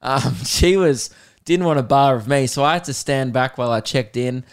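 A man's voice: medium pitch, moderate pace, clear, resonant tone. A man with an Australian accent, hosting a comedy podcast and telling a rambling story while laughing. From Melbourne, Australia.

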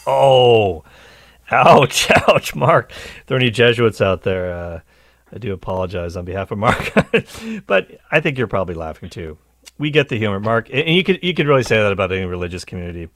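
A man's voice: on the low side, sing-song, fairly quick, fairly bright tone, dry recording. A man hosting a call-in radio show, explaining things at length and laughing easily with callers. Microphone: studio microphone.

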